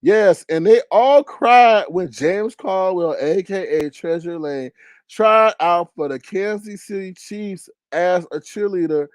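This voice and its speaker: A man hosting a gossip commentary stream, his voice sitting a little high for a man. He talks in an animated way, laughing often and drawing out his asides. The sound is close and dry with no room. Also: slow, no room sound. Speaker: online show host.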